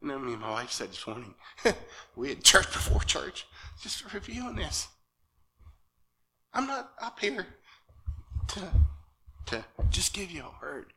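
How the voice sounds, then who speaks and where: Male lay preacher, nervous and earnest, bright tense tone, halting delivery with frequent check-ins. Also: a little high, very animated. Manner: earnest and halting, often asks "okay?". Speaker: lay speaker at church. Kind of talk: sermon. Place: church sanctuary.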